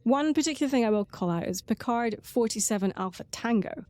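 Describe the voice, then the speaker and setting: A woman's voice: a little high, expressive, fairly quick, warm tone, no room sound. Eager female podcast co-host, dry sound. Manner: eager, rattles off trivia and fun facts. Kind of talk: casual podcast chat.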